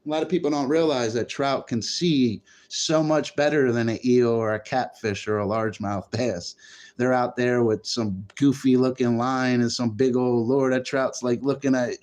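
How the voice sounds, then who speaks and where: A man's voice: medium pitch, fairly even intonation, moderate pace, darkish tone. A man chatting casually on a livestream, rambling and swearing freely. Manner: profane, rambling, easily frustrated. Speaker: live streamer.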